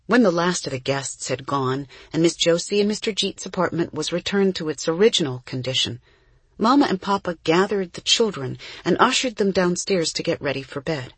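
A woman narrating a children's book in a calm, even storytelling manner. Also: fairly low pitch, moderate pace, husky, dry recording. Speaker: audiobook narrator. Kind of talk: scripted narration.

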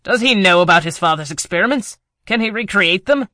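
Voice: medium pitch, animated, a little fast, bright, forceful tone, no room sound, clean studio sound. A narrator voicing a cruel, short-tempered man who carries a cane, speaking harshly and with demands. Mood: furious. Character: cruel angry male boss with cane.

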